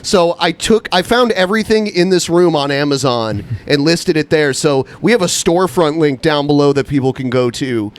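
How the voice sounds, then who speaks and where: A man's voice: on the high side, normal speed, hardly any pauses. Casual, rambling male podcast host. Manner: relaxed, rambling, swears freely. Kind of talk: casual chat.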